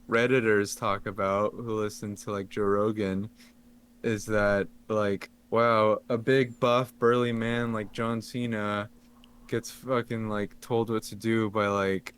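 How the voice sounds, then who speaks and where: A man's voice: on the low side, level tone, a little slow, smooth. A young man co-hosting a podcast in casual chat, rambling and hesitant, with many ums. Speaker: podcast co-host.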